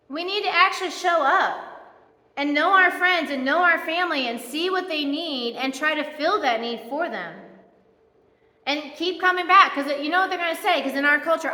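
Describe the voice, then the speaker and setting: A woman's voice: very high voice, expressive, normal speed, bright, forceful tone. A woman pastor giving a conversational, folksy sermon, acting out little quotes as she goes. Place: church. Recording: echoey church hall.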